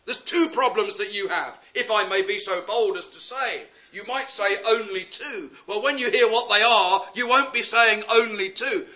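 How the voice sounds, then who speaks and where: A man preaching a sermon, impassioned and pleading, swinging from loud urgent appeals to hushed words. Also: sits high, moderate pace, few pauses. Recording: dull lo-fi sound.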